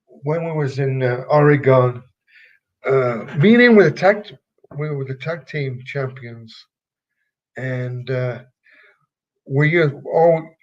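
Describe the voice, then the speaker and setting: A man's voice: medium pitch, dull audio. An older man from England with a Yorkshire accent, telling rambling stories in an interview, full of fillers and restarts. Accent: Yorkshire English. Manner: rambling, halting, many fillers. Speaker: retired wrestler, guest. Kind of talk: casual storytelling interview.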